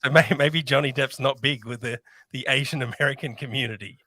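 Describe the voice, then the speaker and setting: A man's voice: medium pitch, brisk, bright, forceful tone, no room sound. A man co-hosting a podcast, giving blunt, crude opinions in casual chat. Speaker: podcast co-host.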